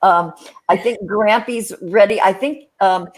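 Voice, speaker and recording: A woman's voice: medium pitch, measured pace. A woman co-hosting a live stream, rambling chattily and greeting viewers by name. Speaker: co-host.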